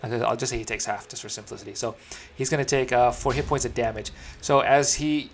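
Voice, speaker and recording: A man acting as dungeon master, narrating combat and fighting with the game software. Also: medium pitch, fairly even intonation, brisk, a little hiss or hum. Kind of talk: running a tabletop game online. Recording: clear background music.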